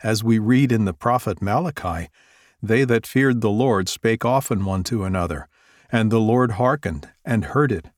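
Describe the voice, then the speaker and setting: A man's voice: lowish voice, dry recording, clean studio sound. Man reading an old devotional text. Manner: measured, formal reading with scripture citations. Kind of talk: read devotional text aloud.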